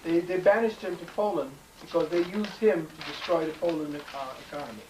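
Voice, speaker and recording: A man with a fairly high voice lectures to a live crowd, emphatic and prone to wandering off and restarting his sentences. He is picked up from a distance in a reverberant room with a faint hiss underneath. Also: brisk, a little mellow. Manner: emphatic and digressive, with frequent restarts and fillers.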